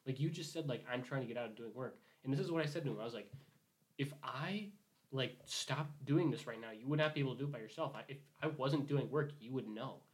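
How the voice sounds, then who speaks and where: A man's voice: mid-range voice, quick pace. Young man ranting through a story. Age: young adult. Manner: rambling storytelling, heavy swearing, acts out quotes. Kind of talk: casual chat.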